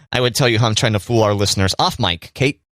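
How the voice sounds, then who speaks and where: A man's voice: medium pitch, very animated, moderate pace, a bit bright, no room sound. Male podcast co-host, mid-range voice, joking and chatty, dry studio sound. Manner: playful, addresses listeners directly. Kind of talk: casual chat. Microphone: studio microphone.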